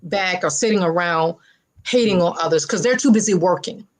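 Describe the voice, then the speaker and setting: A woman's voice: lowish voice, moderate pace, a crowd in the background. A woman talk show guest speaking emphatically and motivationally, repeating phrases for stress in casual interview chat.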